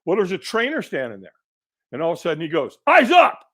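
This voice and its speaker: A middle-aged man, a guest on a podcast, tells a personal story fast and with animation, acting out the voices of the people in it. His voice is slightly high and swoops widely up and down.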